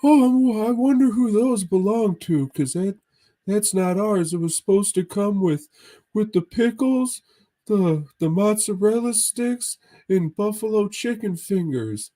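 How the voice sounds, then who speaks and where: A man's voice: high-pitched, animated, unhurried, dark tone, pitched above the performer's own voice, rough recording. A man voicing his male friend as an awkward, hesitant speaker who is hard to understand. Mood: confused. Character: fumbling high-voiced male friend, awkward.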